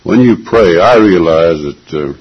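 Gravelly deep-voiced preacher man. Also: animated, slow pace, lo-fi sound. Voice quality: gravelly, raspy. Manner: earnest, emphatic, repeats phrases for emphasis. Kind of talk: sermon.

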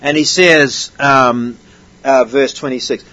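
Male preacher, husky tone, pitched high; conversational sermon style, keeps asking the congregation questions. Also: sing-song, normal speed, highs cut off. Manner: conversational, with frequent rhetorical questions. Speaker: preacher teaching from a Bible passage.

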